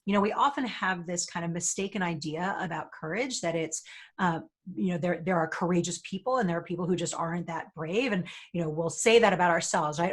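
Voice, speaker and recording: A New woman speaking as a guest, telling a story in an animated way and acting out the people she quotes. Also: fairly low pitch, a little fast, slightly rough. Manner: animated, acts out quoted voices. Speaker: guest speaker, leadership facilitator. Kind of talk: storytelling conversation.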